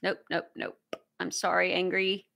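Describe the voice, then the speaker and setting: Woman host, bright and crisp tone, loose chatty livestream delivery, warmly thankful to viewers. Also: fairly low pitch, flat delivery, a little slow. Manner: reads viewer comments aloud, effusively grateful. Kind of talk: casual livestream chat.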